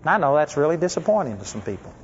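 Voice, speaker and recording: A man with a high voice preaches to a congregation, telling stories and asking his listeners direct questions. His voice rings through a large hall. The recording is dull and lo-fi. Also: sing-song, fast talker, a little hiss or hum. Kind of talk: sermon. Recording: echoey hall, dull lo-fi sound.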